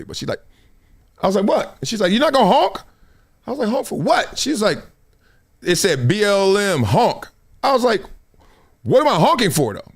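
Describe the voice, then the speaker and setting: Male host, middle-aged, high and lively voice, casual storyteller who acts out the quotes. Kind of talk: casual live-stream talk.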